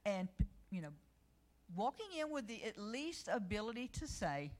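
A middle-aged woman delivers a sermon in a voice of middling pitch. She tells her own stories in a conversational way and grows louder and more emphatic when she reads scripture. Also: normal speed. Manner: personal stories, lively and emphatic, rising loud when reading scripture. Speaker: preacher.

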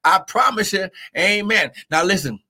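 A man preaching a live-streamed sermon with fervent drive, his voice high and bright. He keeps calling out refrains and greets his online viewers by name. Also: animated, moderate pace. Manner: fervent, repeats "how glory" and "come on now".

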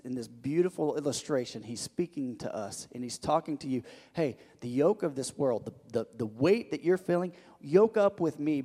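A man preaching a sermon as a pastor, loud on his emphasis and hushed on his quiet lines, often repeating and restarting words. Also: a little high. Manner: animated, swings between loud emphasis and soft hushed lines; frequent repetitions and restarts. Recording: long reverb of a large hall.

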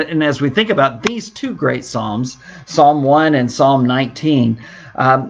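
Middle-aged male pastor, mid-pitched voice, earnest devotional teaching, repeats key words. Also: a bit bright, lo-fi sound.

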